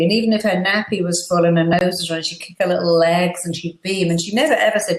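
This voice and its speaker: A middle-aged woman, chatting as an interview guest and acting out quotes with lively storytelling. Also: on the low side, racing, few pauses, roomy sound, low-quality recording. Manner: animated storyteller, acts out quotes. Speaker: guest therapist. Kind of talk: casual interview chat.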